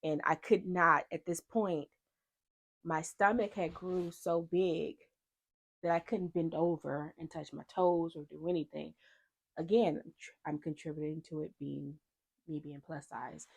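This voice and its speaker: A woman speaking in a lower register with a gravelly, fry-laced edge, telling her own story to camera in casual vlog talk. She is animated and slips into the voices of the people she quotes. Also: a little slow. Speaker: vlogger.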